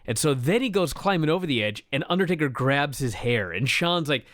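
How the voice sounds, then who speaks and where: A man co-hosting a wrestling review show, retelling a match with excited, profane storytelling. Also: a little high, fairly quick, no room sound, studio quality. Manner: animated storyteller, swears freely, laughs while telling. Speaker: wrestling podcast co-host. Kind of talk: excited casual review chat.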